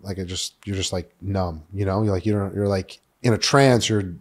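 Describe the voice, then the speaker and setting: Man, 30s, from New York City, podcast guest, somewhat low pitch, frank, swears, lots of fillers. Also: normal speed, a little mellow. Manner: candid, swears freely, many fillers like "uh" and "like". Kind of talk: personal story in casual conversation.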